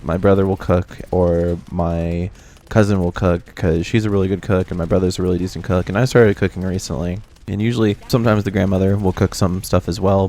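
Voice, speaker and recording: A young man telling a casual storytime vlog, animated with exaggerated reactions. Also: sits low. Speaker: video creator.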